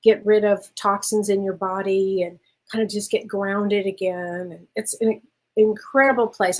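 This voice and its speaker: Middle-aged woman medium telling a wild story casually, acting out both sides of the dialogue. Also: mid-range voice. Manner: animated anecdote teller who acts out dialogue. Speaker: spiritual medium and show host.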